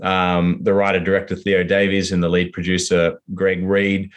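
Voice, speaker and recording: This Australian man speaks at a moderate pace in a fairly low voice, sounding like an actor discussing his work as a guest in a casual interview. He rambles loosely, with plenty of fillers, restarts and asides.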